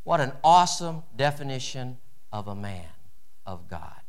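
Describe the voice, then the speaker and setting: A man preaching a sermon in a church, animated, with wide swings in pitch and loudness. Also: unhurried. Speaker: pastor.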